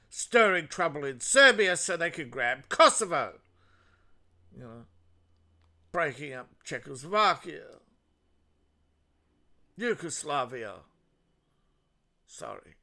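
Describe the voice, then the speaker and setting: An Australian man hosting a solo commentary with a bright, forceful tone. He talks slowly and sarcastically, and his voice swings widely in pitch as he mocks and rants. His voice sits a little high for a man. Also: creaky. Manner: sarcastic, mocking, ranting. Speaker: political commentary host. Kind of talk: solo political commentary monologue.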